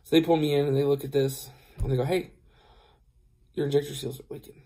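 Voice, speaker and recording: A tired truck driver tells a rambling story to camera in a casual vlog, acting out both sides of a conversation and using plenty of fillers. He has a fairly high voice with a flat, mellow delivery, and he talks fast.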